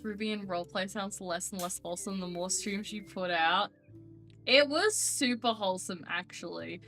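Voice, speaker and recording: A woman's voice: mid-range voice, moderate pace, a bit bright, soft background music. A young woman streamer chatting casually and rambling to her viewers, now and then cooing to her cat. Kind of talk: casual live-stream chat.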